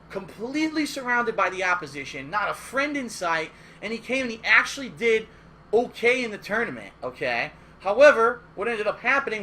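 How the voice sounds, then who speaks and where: A man casually telling a story from his past as a gaming streamer, animated, emphatic and full of swearing. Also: high-pitched, a little hiss or hum. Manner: animated, profane, emphatic retelling.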